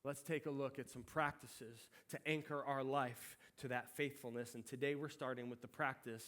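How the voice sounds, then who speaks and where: A middle-aged man pastor preaching a sermon, telling a story in an animated, conversational way. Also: mid-range voice, normal speed, few pauses.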